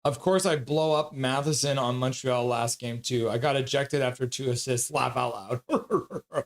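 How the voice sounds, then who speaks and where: A tired man streaming live hockey play-by-play, calling the action in quick running commentary and reading chat aloud between plays. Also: medium pitch, steady tone.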